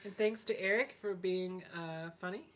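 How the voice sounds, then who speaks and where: A man's voice: sits high, normal speed, a bit bright. Laid-back man co-hosting a podcast. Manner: laid-back, joking banter. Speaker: podcast co-host. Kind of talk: casual chat.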